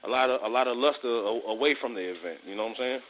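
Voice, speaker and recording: A man with a mid-range voice chats about sports as a co-host. He is relaxed and halting and often repeats himself. The audio is squeezed and tinny, like a phone call. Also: medium pitch. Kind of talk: casual sports talk.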